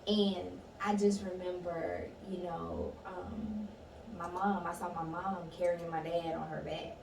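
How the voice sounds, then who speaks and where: Woman guest, gravelly low-ish voice, candid storyteller, echoey room with noise, distant mic. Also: little pitch movement, unhurried. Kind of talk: casual conversation, personal story.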